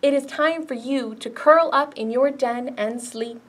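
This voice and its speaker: A woman reading as a calm little snail. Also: sits high, unhurried. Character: small slow snail, calm and polite.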